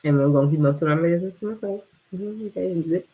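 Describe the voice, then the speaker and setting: A woman vlogger telling a story in casual, slangy talk, animated and often breaking into laughter. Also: fairly low pitch, fast talker, dull audio.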